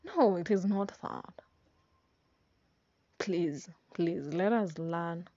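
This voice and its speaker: A woman's voice: fairly low pitch, mellow, dry recording. A young woman in her twenties with a Kenyan accent, giving a casual motivational monologue, emphatic and repetitive, with slang and tag questions. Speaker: vlogger. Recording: dry, slightly dull sound.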